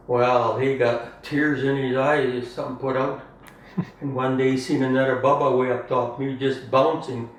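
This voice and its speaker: This older man's medium-pitched voice stays level and moves at a moderate pace as he casually reminisces as the family storyteller. He chuckles and rambles, frequently closing lines with "eh?", and the recording is roomy and distant with faint room noise.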